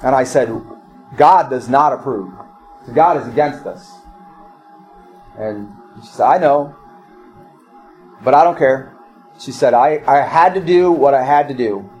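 A man's voice: medium pitch, unhurried, pauses often, darkish tone, soft background music, low-quality recording. A middle-aged male pastor preaching a sermon, repeating phrases and telling personal stories.

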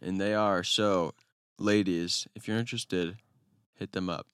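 A man's voice: low voice, steady tone, unhurried, a bit bright, smooth, no echo, studio quality. A man telling a rambling story in a casual podcast chat, trailing off as he goes.

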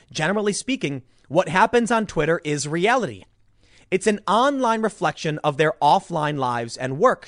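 A man giving political commentary in a sarcastic tone, reading an article aloud and breaking in with asides. His voice sits high and swings widely, recorded close and dry. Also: no echo.

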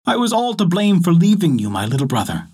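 A man's voice: high voice, wildly swooping pitch, fairly quick, mellow, breathy edge, pitched above the performer's own voice, exaggerated voice. A man playing an anxious young hunter. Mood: warm. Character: anxious young hunter, male, brave and caring.

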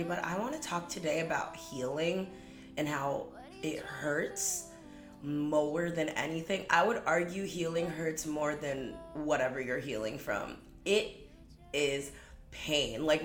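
A young woman in her twenties hosting a podcast, telling stories in a casual, profane, animated way that swings between loud and quiet. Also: low voice, reverberant. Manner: profane, animated storytelling with dramatic swings in volume. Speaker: podcast host. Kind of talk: casual storytelling monologue.

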